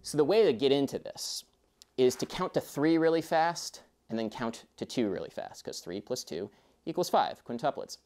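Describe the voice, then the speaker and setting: A man's voice: medium pitch, animated, normal speed, a little mellow. A young man teaching a music lesson in a casual, chatty way, with rambling asides.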